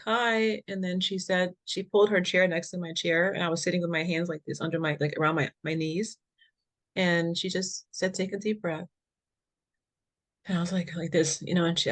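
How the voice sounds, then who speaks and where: With a voice on the lower side, a woman interviewed as a patient advocate shares a frank, animated story. She plays out the dialogue, laughs easily, and adds quick slangy asides.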